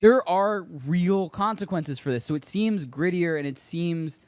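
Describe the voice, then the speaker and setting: A man's voice: sits high, a little slow, a little mellow, no room sound. A man co-hosting a casual pop-culture podcast, giving eager, rambling explanations. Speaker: podcast co-host. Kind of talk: casual chat.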